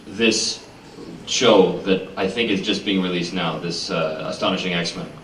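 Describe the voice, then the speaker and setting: A man's voice: deep voice, a little slow, fairly bright tone. A male voice actor on a convention panel telling jokey, self-deprecating anecdotes. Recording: roomy convention hall, mic at a distance.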